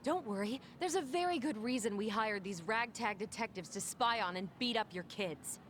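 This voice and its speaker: A woman's voice: fairly high pitch, normal speed, a little hiss or hum, lightly acted. An actress playing a stern, indignant woman school official who speaks in a cutting, scolding way.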